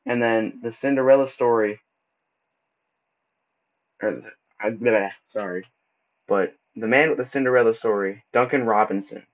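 A man with a fairly low voice hosts a solo podcast in a loose, casual way. He stumbles and backtracks over his words and drops in relaxed slang. The recording sounds dull and lo-fi. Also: normal speed, pauses often. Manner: casual, stumbles and restarts often; laid-back slang like bro and dude. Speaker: podcast host.

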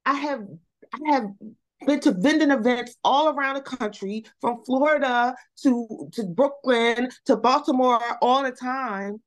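A woman guest on a podcast, telling her story in casual chat with animated energy, repeating words and saying "y'all". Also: high voice, measured pace.

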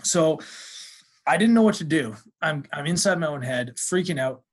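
Podcast guest: young man, a bit higher voice, loose and profane, spins stories. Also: normal speed. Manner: profane, animated storyteller. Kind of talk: casual storytelling chat.

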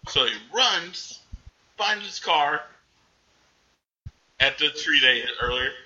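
A man casually recapping a movie in animated chat, jumping into the characters' voices now and then. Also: fairly high pitch, lo-fi sound. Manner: animated, acts out characters in quick bursts.

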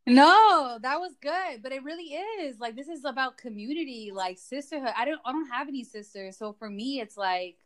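A woman guest on a podcast, talking in a relaxed, chatty way, full of fillers. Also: a little high, brisk, few pauses. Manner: relaxed, chatty, lots of likes and you-knows. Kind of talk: casual podcast chat.

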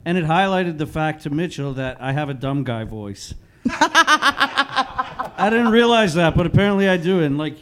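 A man's voice: fairly high pitch, lively intonation, unhurried, pauses often, fairly bright tone, a little hiss or hum. A man on a podcast telling stories in casual chat, rambling and self-deprecating. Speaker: podcast guest.

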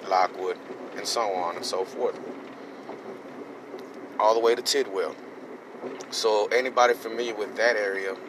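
A man's voice: low-pitched, noisy background. A man, telling a story on his podcast in a rambling, heated way with street slang. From Houston, Texas. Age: 30s. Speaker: podcast host. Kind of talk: casual storytelling monologue.

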